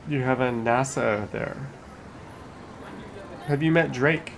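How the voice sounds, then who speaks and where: A man's voice: mid-range voice, slow pace, creaky, slight background noise. A man, live streaming from home, chatting casually and reading viewer messages aloud while snacking.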